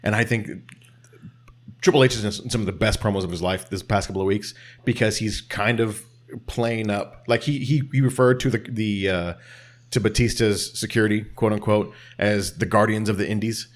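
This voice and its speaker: A man co-hosting a casual chat, talking quickly and swearing, with loud animated bursts. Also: lowish voice. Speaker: podcast co-host. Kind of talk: casual chat about wrestling.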